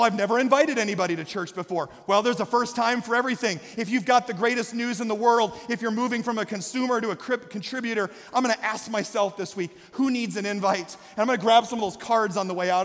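Pastor guy w a really high voice preaching hard, church echo hanging on every line. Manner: impassioned, rising to shouts, calling out to the congregation. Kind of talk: sermon. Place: church sanctuary. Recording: long hall reverb.

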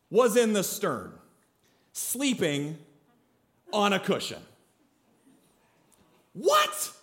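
High-voiced man preaching a sermon. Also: a bit bright. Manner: emphatic, calls on the congregation to respond; conversational, with frequent "right?" and "okay?" check-ins. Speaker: pastor.

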